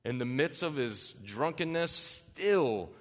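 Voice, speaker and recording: A man's voice: medium pitch, expressive, slow. A man preaching a sermon, reading scripture aloud and then explaining it earnestly in casual terms, in a church hall. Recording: long reverb in a large hall.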